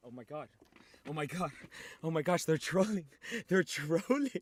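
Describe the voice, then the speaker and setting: A young man livestreaming, chatting casually with viewers in an excitable, teasing way with sudden shouts. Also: on the high side, normal speed.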